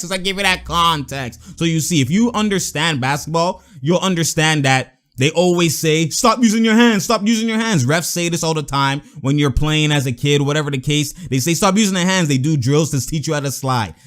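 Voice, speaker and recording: A young man talking fast and loose over game footage, his voice sitting a little higher than most men's. He jumps between slangy excitement and laughter, repeating phrases to drive a point home. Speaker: basketball commentator reacting to game clips. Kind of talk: casual reaction commentary.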